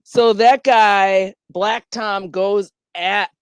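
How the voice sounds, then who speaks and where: A woman co-hosting a casual book chat, animated, often acting out the characters' lines. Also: mid-range voice, extremely slow, smooth, dry recording, clean studio sound. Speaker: podcast co-host.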